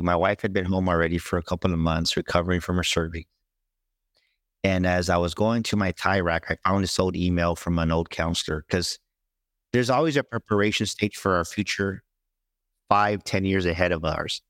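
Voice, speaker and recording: A man who works as a motivational speaker, telling an animated personal story as a guest and acting out what others said. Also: low voice, moderate pace, no room sound, studio quality. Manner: animated, acts out quoted voices. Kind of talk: storytelling in an interview.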